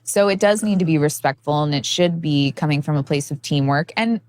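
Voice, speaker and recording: A woman's voice: sits low, a little fast, a little mellow. A woman co-hosting a podcast, chatting casually about relationships, speaking fluently with many "like" fillers. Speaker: podcast co-host.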